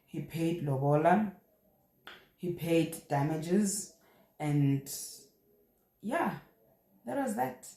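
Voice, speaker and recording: Animated South African woman, echoey room. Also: low voice, very slow, long pauses. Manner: animated, lively retelling with exclamations. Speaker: vlogger. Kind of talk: casual storytelling.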